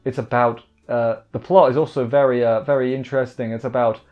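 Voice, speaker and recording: This man recaps an anime episode casually and wryly, rambling with plenty of fillers and restarts as an anime reviewer. His mid-range voice is brisk with fairly even intonation, and a dull lo-fi mic picks him up over faint music.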